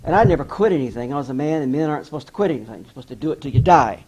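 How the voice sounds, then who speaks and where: A middle-aged man with a somewhat high voice tells his own life story to an audience. He is candid and self-deprecating and acts out the people he quotes. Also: expressive, very fast, darkish tone, lo-fi sound, slight background noise. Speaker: author giving an address. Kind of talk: personal storytelling speech.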